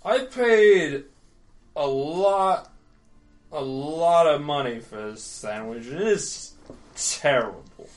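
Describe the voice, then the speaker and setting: A man's voice: fairly high pitch, big pitch swings, unhurried. A man voicing a belligerent drunk woman who slurs her words and makes blustering threats. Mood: indignant.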